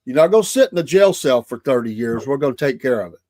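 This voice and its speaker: A man's voice: medium pitch, lively intonation, fast, darkish tone, no room sound, clean studio sound. A man co-hosting a morning talk show, chatting casually with plenty of hesitations and filler words. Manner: chatty, hesitant with frequent uhs.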